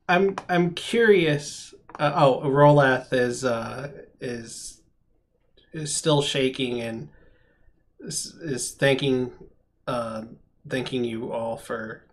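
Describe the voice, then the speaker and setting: Man, game master, measured pace, repeats words, mid-pitched. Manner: halting, repeats words while narrating. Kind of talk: narrating a tabletop game.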